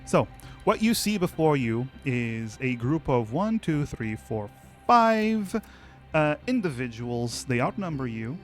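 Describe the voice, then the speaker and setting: A man narrating as game master in a relaxed, chatty way, speaking at a mid pitch. His delivery is loose and full of fillers, with faint music in the background. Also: slow pace.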